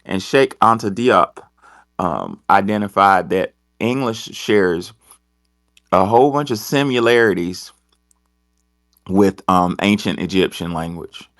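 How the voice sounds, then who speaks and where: A man's voice: low-pitched, animated, slow pace, a bit bright, dry recording, studio quality. A man hosting a talk show, telling stories in a rambling way with many hesitations. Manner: rambling, hesitant, full of ums. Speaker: host. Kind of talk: casual talk-show discussion.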